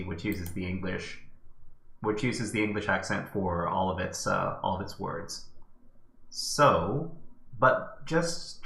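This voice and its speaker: Man hosting a tech tutorial, bright and roomy. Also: lowish voice, creaky. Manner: thinking aloud, hesitant. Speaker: tutorial host. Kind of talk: screen-recorded tech tutorial.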